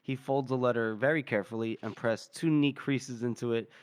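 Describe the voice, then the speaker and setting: A man's voice: mid-range voice, steady tone, fairly quick, smooth. A man with an ordinary mid-range voice talks casually with his co-hosts about a fantasy novel. He reads passages aloud in an easygoing way and laughs often. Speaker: podcast co-host. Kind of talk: casual book discussion.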